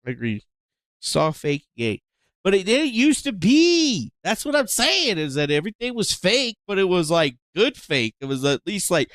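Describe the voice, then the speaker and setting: A man's voice: a little high, fairly bright tone, no room sound, clean studio sound. A man, ranting casually and profanely on a livestream, sighing and sarcastic. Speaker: livestream host. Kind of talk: rambling livestream rant.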